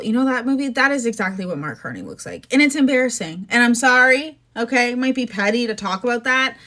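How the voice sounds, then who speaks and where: Exasperated young woman ranting, high voice. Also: fairly bright tone. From Canada. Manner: exasperated, sarcastic, chatty with asides. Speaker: podcast host. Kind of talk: casual political rant.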